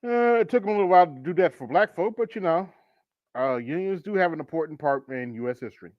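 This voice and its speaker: A man's voice: a little high, lively intonation, fast talker, dry recording. Guy host chatting laid back, little sarcastic, dry muffled lo-fi sound. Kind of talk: casual commentary.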